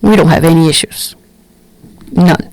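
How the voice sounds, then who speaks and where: A woman's voice: deep voice, measured pace, no room sound, rough recording. A middle-aged woman, telling candid stories bluntly as a podcast host. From Brooklyn, New York. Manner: candid, blunt, animated storytelling. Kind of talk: casual storytelling monologue.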